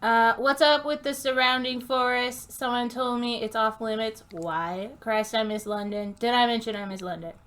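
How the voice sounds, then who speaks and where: A woman's voice: on the high side, a bit bright. A woman streaming a game, reading its text aloud and chatting casually, laughing often and tripping over unfamiliar names. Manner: giggly, reads slowly and stumbles on names.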